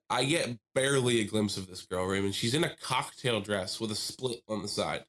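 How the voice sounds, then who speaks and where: A man's voice: fairly low pitch, normal speed. A man co-hosting a casual podcast, telling a long story with lots of laughter and acted-out voices. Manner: animated storyteller, acts out voices, laughs often. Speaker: podcast co-host.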